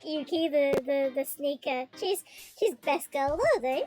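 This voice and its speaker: Very high-voiced excitable young woman streamer. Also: unhurried, hardly any pauses, music in the background, rough recording. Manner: excitable, gushing and self-critical, laughs often. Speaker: streamer and game developer. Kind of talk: reading her own visual novel aloud on stream.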